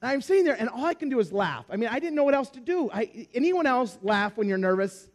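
High-voiced animated preacher man. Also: fast. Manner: animated storyteller acting out dialogue. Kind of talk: sermon with storytelling.

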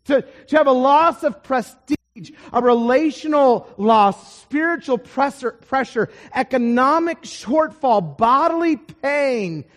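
A man preaching a sermon, telling a story with lively swings between loud emphasis and quiet asides. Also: very high-pitched, slow, few pauses, big-room sound.

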